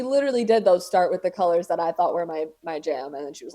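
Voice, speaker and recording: A woman's voice: fairly low pitch, lively intonation, fairly quick, mellow. A woman in her twenties hosting a podcast, telling a story in casual chat with sarcastic, dramatic asides and acted-out voices. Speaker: podcast host.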